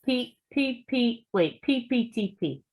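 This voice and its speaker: Woman, student, slow careful reading, hesitant, video call. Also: on the high side, lively intonation, a little mellow, breathy edge. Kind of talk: reading aloud in class.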